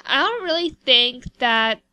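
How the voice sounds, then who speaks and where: High-voiced chatty woman gamer. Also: expressive, takes it slowly, pushed and bright, clear, resonant tone. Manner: rambling, chatty, full of "like". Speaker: gameplay video host. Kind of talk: casual gameplay commentary.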